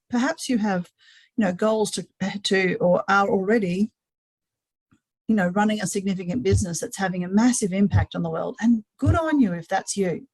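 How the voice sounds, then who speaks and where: Her mid-range voice comes through a dry, rough recording as she hosts a live webinar. She talks earnestly, frequently repeating words while she thinks out loud in this live-streamed talk.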